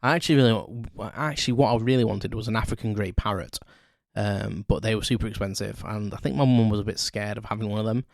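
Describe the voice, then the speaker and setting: A man's voice: fairly low pitch, quick pace, gravelly, dry recording, studio quality. A man hosting a solo podcast, telling childhood stories in a rambling, self-correcting way with chuckles. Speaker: podcast host. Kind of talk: casual solo storytelling.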